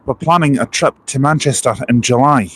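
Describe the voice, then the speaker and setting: A man's voice: mid-range voice, brisk, fairly bright tone, slight background noise. A man with a sore throat chatting casually on a phone live stream outdoors by a bus station, rambling and reading out viewer comments.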